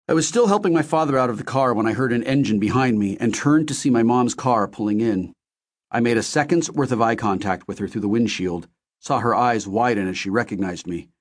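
A man reading a first-person novel aloud in a steady, measured storytelling manner. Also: fairly low pitch. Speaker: audiobook narrator.

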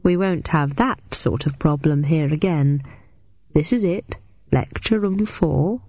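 A woman voicing a slow, menacing undead janitor. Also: low-pitched, dark tone, dry recording, exaggerated voice. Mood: sly. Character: sinister undead male janitor, mocking.

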